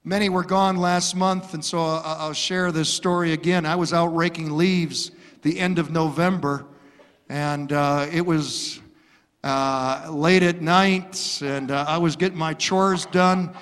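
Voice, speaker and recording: A man's voice: a little high, steady tone, measured pace, a bit bright. A male pastor delivering an impassioned sermon and acting out stories, recorded in a church sanctuary. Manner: impassioned preaching with acted-out stories. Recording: long reverb of a large hall.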